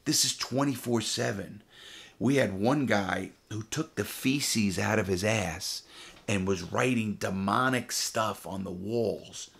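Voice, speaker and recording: Gravelly man, low-pitched, middle-aged, blunt profane storytelling. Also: slow, a bit bright. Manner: blunt and profane, vivid retelling. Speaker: former prisoner telling his story. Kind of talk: first-person storytelling.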